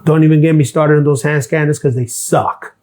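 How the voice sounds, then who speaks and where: A middle-aged former mail carrier hosts a live stream, venting bluntly and sarcastically about his workplace with plenty of swearing. His voice sits on the high side, somewhat dark in tone, steady, and a touch fast.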